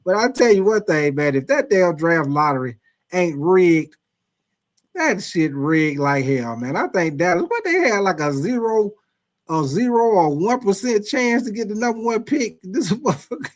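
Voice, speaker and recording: Chatty high-voiced man hosting sports talk. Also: expressive. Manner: loose, slangy and chatty, with drawn-out exclamations. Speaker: sports show host. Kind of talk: casual sports talk, reading live chat comments.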